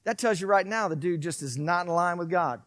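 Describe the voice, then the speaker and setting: A middle-aged man preaching a sermon, animated, swinging from loud to hushed and acting out quotes. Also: high voice, brisk, no room sound, clean studio sound. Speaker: pastor.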